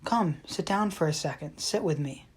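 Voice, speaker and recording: A gentle little old man speaks softly and patiently, voiced by a woman telling the story. The voice sits low and unhurried, with a calm coaxing manner. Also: husky. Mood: soothing.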